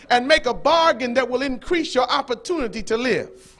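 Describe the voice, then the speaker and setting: A man preaching a sermon to a hall, with a preacherly rhythm that swings from hushed tones up to shouting. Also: very high-pitched, lively intonation, moderate pace. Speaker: minister. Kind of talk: fiery sermon.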